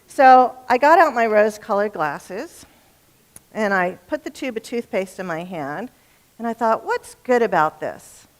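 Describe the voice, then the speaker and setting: A woman's voice: mid-range voice, lively intonation, a little slow. A middle-aged woman giving a talk on relationships to a live audience. She is chatty and humorous and often turns to the room with questions. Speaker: relationship speaker.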